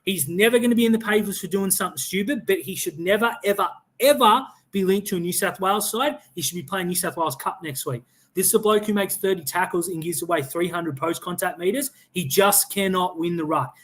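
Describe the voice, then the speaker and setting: A brisk, fairly high, slightly bright male voice belongs to an Australian fan podcast host in a casual live-stream sports chat. He's blunt and opinionated, swears freely, and keeps restarting sentences and stammering over repeated words.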